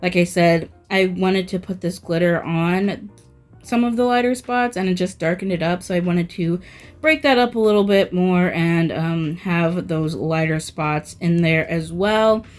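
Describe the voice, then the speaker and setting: Faint music plays behind a woman with a lowish voice as she walks through a nail art tutorial. Her voice-over is slow and rambling, thick with fillers such as "um" and "like."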